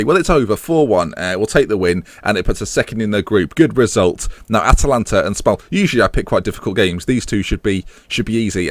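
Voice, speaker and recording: Guy narrating his football manager save, lowish voice jumping all over, dry close sound, keeps cracking jokes. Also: no room sound. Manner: jokey, rambling asides mixed with match commentary. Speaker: gaming channel host. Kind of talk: live commentary over his own football management game.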